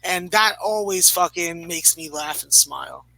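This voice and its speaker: A man's voice: fairly high pitch, measured pace, creaky, bright, forceful tone, no room sound, rough recording. A man in his thirties ranting profanely in a casual podcast chat. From Canada. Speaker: podcast regular.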